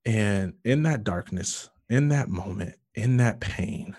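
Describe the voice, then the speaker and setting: A man's voice: lowish voice, expressive, slow pace, hardly any pauses, darkish tone, breathy edge, no echo, studio quality. A man earnestly telling an emotional personal story in conversation, with many fillers and restarts. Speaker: guest sharing his testimony.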